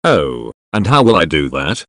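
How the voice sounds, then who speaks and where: A man reading an audiobook, voicing a cruel male captor who talks in a low, slow, strained, pleading way. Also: very animated, fairly bright tone, no room sound, studio quality, full character voice. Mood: sneering. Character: cruel grown male captor, broken and begging. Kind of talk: audiobook character voice.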